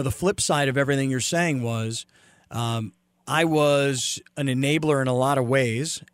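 Halting, reflective male podcast host. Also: on the high side, no room sound. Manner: halting, reflective, lots of fillers. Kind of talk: casual reflective interview. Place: San Diego.

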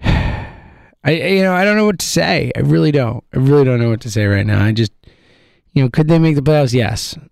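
Exasperated, gravelly-voiced ranting sports fan. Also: male voice, medium pitch, lively intonation, moderate pace, darkish tone, no echo, studio quality. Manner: exasperated, rambling, laughing in frustration.

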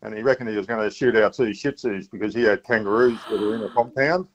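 A man calling in to a radio show, telling a long story in a laconic, halting way. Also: lowish voice. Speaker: radio caller. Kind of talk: phone-in storytelling. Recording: dull phone-in line.

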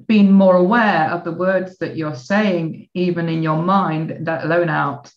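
A woman's voice: on the low side, fairly even intonation, unhurried. A woman hosting an interview, reacting and thinking aloud with fillers. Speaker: interview host. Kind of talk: casual conversation. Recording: roomy, dull lo-fi audio.

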